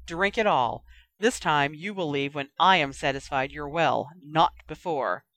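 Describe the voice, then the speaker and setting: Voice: mid-range voice, measured pace, a bit bright. A reader voicing a brusque, bossy school nurse who snaps out orders. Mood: scolding. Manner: snappish, commanding.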